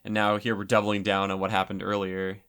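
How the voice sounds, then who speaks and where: A man's voice: lowish voice, completely flat delivery, brisk, a bit bright, clear, resonant tone. A man giving casual commentary over a film, chatty and rambling, with lots of filler words.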